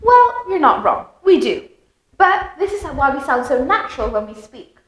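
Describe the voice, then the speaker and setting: A woman's voice: high-pitched, very animated, moderate pace, reverberant, rough recording. A British woman teaching English pronunciation, speaking melodically and stressing key words with exaggerated emphasis. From Britain. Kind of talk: lively explanatory lesson.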